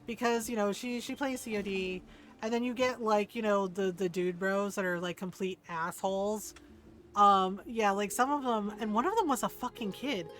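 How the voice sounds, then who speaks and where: A woman's voice: medium pitch, steady tone. Chatty, profane woman streamer. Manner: chatty, profane, laughing, lots of fillers; also reads game story aloud at a brisk pace. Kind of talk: casual gaming stream chat.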